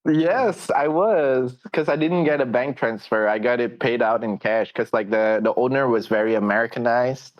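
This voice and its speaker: A man's voice: medium pitch, normal speed, few pauses, dull audio. A young man co-hosting a casual podcast chat, talking freely and hedging his claims. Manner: chatty, hedging. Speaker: podcast co-host.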